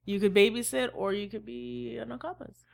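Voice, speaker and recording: A woman's voice: fairly high pitch, steady tone, a little fast, gravelly, a little mellow. A woman co-hosting a podcast in casual conversation, adding wry, dry sarcastic asides. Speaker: podcast co-host.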